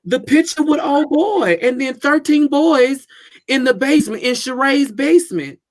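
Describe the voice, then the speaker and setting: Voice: sits high, normal speed, no echo. A guest panelist on a casual talk show, tossing out sassy quips and questions.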